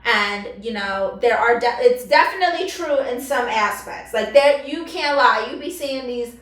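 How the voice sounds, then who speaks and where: A woman's voice: a little high, normal speed, a bit bright, echoey room. A woman in her thirties co-hosting a comedy podcast, talking bluntly in casual slang with a lot of swearing. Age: 30s. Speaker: podcast co-host.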